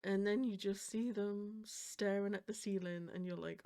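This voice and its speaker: A woman's voice: medium pitch, steady tone, normal speed, dark tone. A woman hosting a reaction video, talking casually and rambling as she fights back emotion, often laughing nervously.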